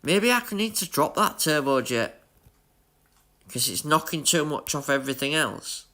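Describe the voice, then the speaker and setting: A man with a Yorkshire accent giving chatty, excitable live commentary on his racing game while talking to his chat. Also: on the high side, normal speed. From Leeds, Yorkshire, England. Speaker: gaming streamer.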